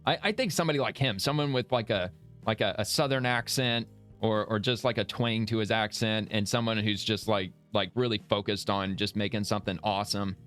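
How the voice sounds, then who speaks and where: A man's voice: lowish voice, steady tone, a little fast, a bit bright, clear, resonant tone, faint music behind. A man hosting casual political reaction commentary, blunt and profane, rambling and laughing as he talks. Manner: rambling with many restarts.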